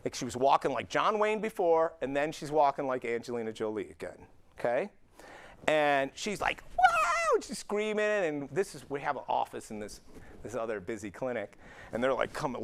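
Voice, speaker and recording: A middle-aged male chiropractor gives an anecdote-filled talk to peers at an event, animatedly acting out dialogue as he goes. His voice is medium in pitch and his pace moderate.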